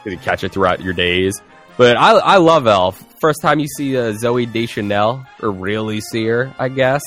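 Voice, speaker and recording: A man's voice: medium pitch, moderate pace, a bit bright, soft background music. A man co-hosting a podcast, chatting casually and enthusiastically about films. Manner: enthusiastic, quotes movie lines. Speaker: podcast co-host. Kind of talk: casual chat.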